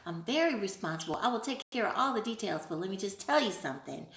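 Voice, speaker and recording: Bubbly bright-voiced woman host. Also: medium pitch, fast talker, roomy sound. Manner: playful, animated, laughs often; answers viewer questions as she crafts. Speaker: livestream host. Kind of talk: casual live-stream chat.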